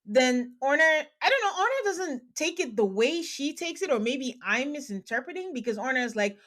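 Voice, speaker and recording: Animated woman recapping a reality show. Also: high-pitched, normal speed, few pauses. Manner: animated, exasperated storytelling with acted quotes. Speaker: podcast host. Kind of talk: casual recap chat.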